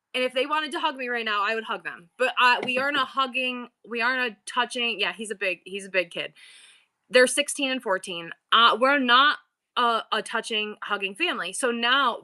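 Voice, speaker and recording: Bright, chatty woman rambling on a livestream. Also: a little high. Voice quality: rambling, frequent restarts, swears casually. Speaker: livestream seller host. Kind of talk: casual livestream chat.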